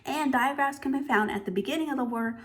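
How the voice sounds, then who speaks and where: A woman's voice: high voice, fairly bright tone. Patient woman teaching phonics. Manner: patient, sounds out letters slowly and clearly. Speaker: reading teacher. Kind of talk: phonics lesson to camera.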